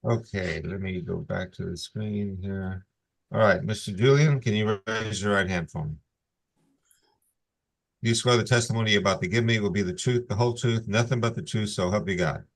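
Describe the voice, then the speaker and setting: A man presiding as judge over a court hearing on a video call, reading legal warnings in a measured, formal cadence. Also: fairly low pitch, vocal fry.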